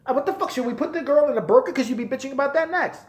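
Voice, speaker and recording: A man in his forties ranting on a live stream, profane and animated. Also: extremely high pitch, rapid-fire, echoey room. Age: 40s. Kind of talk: casual rant.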